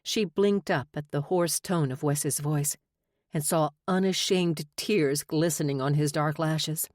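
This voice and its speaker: A woman narrating a romance audiobook in a measured, expressive reading. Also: low voice, no echo, studio quality. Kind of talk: scripted narration.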